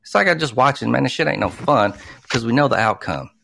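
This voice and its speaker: A man's voice: medium pitch, animated, fast talker, creaky, bright, forceful tone, slight background noise. A man co-hosting a casual sports chat, ranting and swearing freely as he makes his picks. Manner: profane, ranting, fired up. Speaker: sports podcast co-host.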